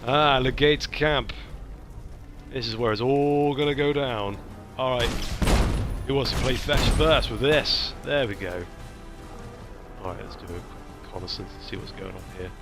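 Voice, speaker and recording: A man's voice: mid-range voice, moderate pace, loud music behind the voice. A man, casually commenting on his gameplay with playful asides. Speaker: let's play host.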